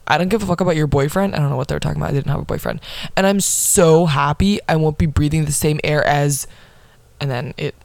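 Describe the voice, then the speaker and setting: A woman's voice: low voice, quick pace, creaky, darkish tone, no room sound. A young woman hosting a casual podcast, reading old posts aloud in a sassy, profane manner and laughing at her past self. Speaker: podcast host.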